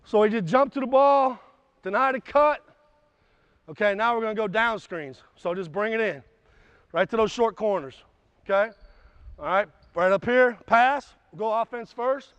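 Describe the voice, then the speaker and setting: A man's voice: high voice, normal speed, clear, resonant tone, dry recording. A man coaching a basketball clinic, blunt and a bit profane, explaining drills and barking short commands at players in a gym. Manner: barks short commands, shouts during drills. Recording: dull, slightly lo-fi sound.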